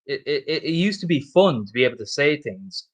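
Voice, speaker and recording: A man's voice: fairly high pitch, sing-song, a little fast, slightly rough, poor audio. A drunk man with an Irish accent, rambling and swearing through a casual football chat. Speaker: guest on a football stream.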